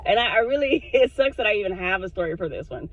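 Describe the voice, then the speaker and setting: A woman vlogger telling a personal story to her camera in a frank, animated way, swearing freely. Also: medium pitch, fast, slight background noise. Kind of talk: casual storytime monologue. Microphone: self-recorded on camera. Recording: dull lo-fi sound.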